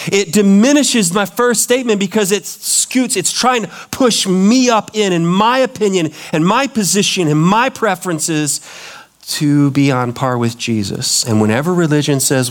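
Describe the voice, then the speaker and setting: A man's voice: high-pitched, animated, moderate pace. A pastor preaching a sermon, emphatic and repetitive, putting questions to his congregation.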